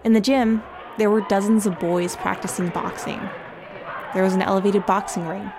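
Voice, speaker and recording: A woman's voice: mid-range voice, fairly even intonation, moderate pace, gravelly, background noise. Woman narrating a story. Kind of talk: scripted narration. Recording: music bed underneath.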